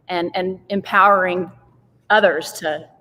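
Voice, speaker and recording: A woman's voice: on the low side, fairly even intonation, a little slow, bright, forceful tone. A woman in her forties, a curriculum director, talking earnestly and articulately as a guest on a live show. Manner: earnest, articulate, some fillers. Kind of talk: interview conversation. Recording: long reverb, faint background noise.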